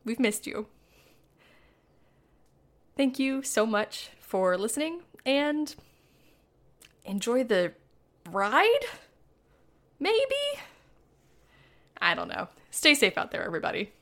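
Bright-voiced woman hosting, playful. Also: fairly high pitch, sing-song, takes it slowly, long pauses. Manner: playful, jokey. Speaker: podcast host. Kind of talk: casual chat. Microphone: video call.

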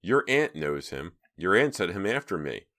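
A man's voice: deep voice, very animated, moderate pace, pushed and bright, exaggerated voice. A man reading an audiobook, voicing a frightened teenage girl who pleads with her voice rising. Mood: distressed.

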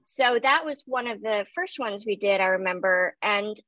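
A woman's voice: medium pitch, dry recording, low-quality recording. Nasal, youthful-sounding woman telling stories. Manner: lively storyteller, self-deprecating, quick asides. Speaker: voice actor guest. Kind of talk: casual interview chat.

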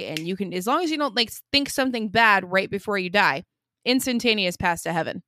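A woman's voice: mid-range voice, lively intonation, brisk, pushed and bright, slight background noise. A woman hosting a podcast, chatting casually and expressively, often laughing. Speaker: podcast host. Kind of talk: casual chat.

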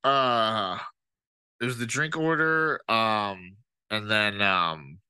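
A man's voice: lowish voice, takes it slowly, smooth, no room sound. A man co-hosting a podcast, chatting casually and profanely about a movie with lots of fillers. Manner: profane, animated, rambling with fillers. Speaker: podcast co-host. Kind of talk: casual movie-review chat.

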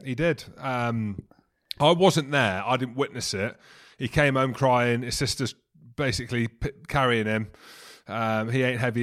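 A man's voice: mid-range voice, fairly bright tone. Jokey man rambling on a podcast. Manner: jokey, rambling, bursts into mock German. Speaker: podcast co-host. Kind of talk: casual chat.

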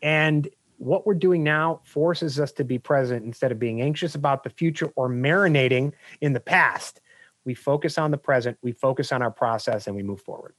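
A man who is a business coach, a guest on a podcast, telling anecdotes in an energetic, animated way. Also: mid-range voice, normal speed, dry recording. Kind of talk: podcast interview storytelling.

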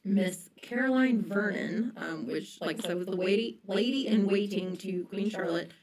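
A woman's voice: medium pitch, normal speed, a little mellow, low-quality recording. A young woman telling a history story on a casual podcast, chatty and full of ums and likes.

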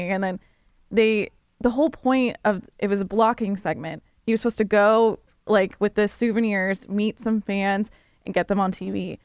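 A woman's voice: mid-range voice, clean tone, dry recording, studio quality. A woman on a radio show, telling a story in a giggly, rambling, casual way.

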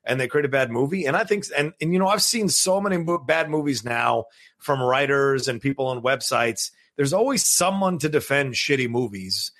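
Husky-voiced man chatting casually. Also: mid-range voice, animated, moderate pace, a bit bright. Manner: rambling, many restarts and fillers. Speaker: podcast co-host. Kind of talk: casual chat.

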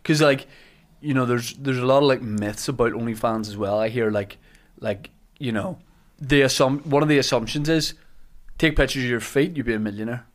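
A man's voice: medium pitch, fairly quick. A man hosting a podcast in casual chat, easygoing, asking questions and joking about himself. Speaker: podcast host.

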